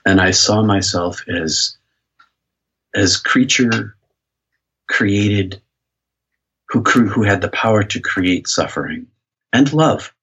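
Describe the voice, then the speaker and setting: A man's voice: fairly low pitch, takes it slowly, long pauses, fairly bright tone, slightly rough. An American pastor talking as an interview guest, telling a personal story earnestly and reflectively, often restarting his phrases. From United States. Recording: dull lo-fi sound.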